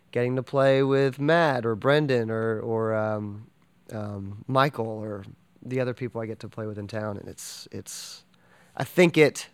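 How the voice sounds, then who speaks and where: An enthusiastic man talks in a casual interview and rambles, full of fillers and restarts. His voice is smooth and clear at a middle pitch. The sound is close and dry. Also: no echo. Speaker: drummer and podcast guest.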